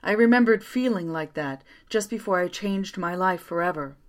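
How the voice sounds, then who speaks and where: Low-voiced woman reading a story. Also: moderate pace. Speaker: narrator. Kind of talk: first-person audiobook narration.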